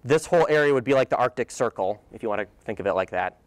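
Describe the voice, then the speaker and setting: A man's voice: medium pitch, expressive, fast, no room sound. A young man giving a guest lecture with slides, enthusiastic and casual, with playful asides and a few fillers. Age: young adult. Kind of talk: presentation talk with slides. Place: lecture hall.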